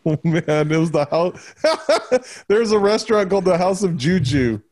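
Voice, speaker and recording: A man's voice: sits high, animated, a little slow, darkish tone. A man hosting a casual chat, joking and telling stories about his son. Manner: joking, laughing, profane banter.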